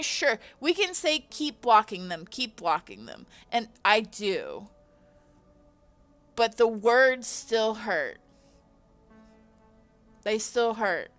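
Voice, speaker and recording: A woman's voice: fairly high pitch, a bit bright. A woman designer venting on a livestream, emphatic, exasperated and full of swearing.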